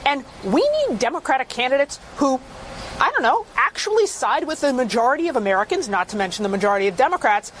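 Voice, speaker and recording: A woman's voice: high-pitched, lively intonation, quick pace, a little hiss or hum. A woman giving political commentary on a TV panel, arguing her point emphatically. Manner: emphatic, argumentative.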